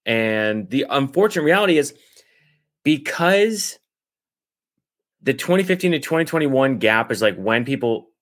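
A man's voice: mid-range voice, very animated, measured pace, long pauses. A man co-hosting a podcast, telling meandering stories in casual political chat. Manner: rambling, meandering storyteller. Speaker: podcast co-host.

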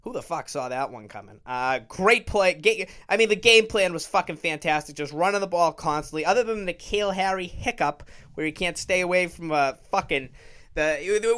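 A man's voice: high-pitched, expressive, normal speed, fairly bright tone. Fired-up, profane man ranting. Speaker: podcast host. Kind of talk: ranting solo sports podcast. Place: bedroom.

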